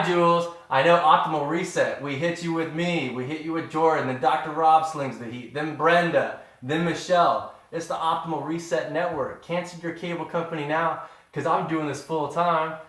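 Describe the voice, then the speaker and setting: A man talking in a casual, rambling live-stream chat with his viewers, showing off groceries and homemade pickles in a kitchen. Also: on the high side. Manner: animated, rambling, addresses viewers as y'all. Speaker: vlogger. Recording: echoey room.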